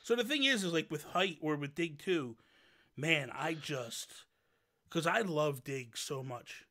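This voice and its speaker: Animated, bright-voiced male livestream host. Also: fairly high pitch, unhurried. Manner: animated, long-winded storyteller. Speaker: show host. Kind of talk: casual livestream chat.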